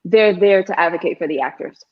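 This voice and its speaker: A woman actress telling stories as a guest in a casual interview chat, animated and relaxed. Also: on the low side, a little fast. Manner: animated storyteller, frequent "you know what I mean". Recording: slightly dull lo-fi audio.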